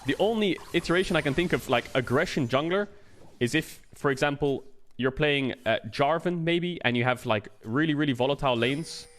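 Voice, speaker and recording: A man's voice: fairly high pitch, fairly quick, fairly bright tone. A man streaming a casual explanatory rant, talking it through conversationally, often checking in with the listener and swearing now and then. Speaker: streamer and game analyst.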